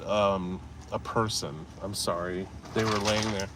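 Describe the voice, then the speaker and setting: A man's voice: deep voice, steady tone, measured pace, a bit bright. A man rambling casually as he walks city streets and alleys, telling stories and reading chat, with faint traffic behind him. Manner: rambling, storytelling, swears casually. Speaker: vlogger. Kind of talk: casual walking vlog with live chat.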